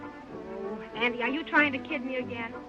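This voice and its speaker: A woman's voice: fairly high pitch, moderate pace, music in the background, close to an everyday voice. An actress playing a slangy, breezy young woman in a 1929 talkie. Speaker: film actress. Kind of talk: 1929 early talkie acting. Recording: muffled early sound film, faint score.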